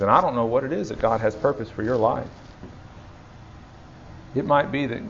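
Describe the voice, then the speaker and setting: A man's voice: mid-range voice, muffled recording, a little hiss or hum. A man in his thirties preaching a sermon with passion, repeating phrases for emphasis and acting out quotes. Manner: impassioned, dramatic quoting, repeats for emphasis. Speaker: pastor.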